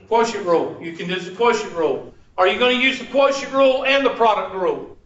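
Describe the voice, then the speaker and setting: A man's voice: high-pitched, fast, fairly bright tone, distant mic. A man lecturing a math class, joking and teasing while he quizzes his students. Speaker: math instructor. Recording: echoey muffled room recording from afar with faint hiss.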